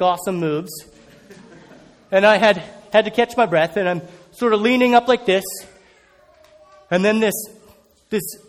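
A man telling a personal story as a sermon, animated and acting out scenes. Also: high voice, in a large hall.

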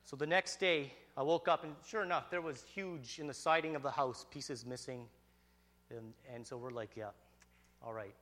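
A man telling a personal story in an animated, excitable way, with frequent restarts. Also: a little high, moderate pace.

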